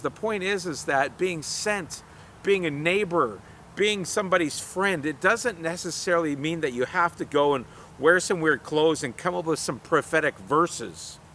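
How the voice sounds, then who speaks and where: A man's voice: on the high side, pushed and bright, slight background noise. A middle-aged man giving a casual youth devotional in an earnest, conversational way, often restarting his sentences. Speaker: youth pastor.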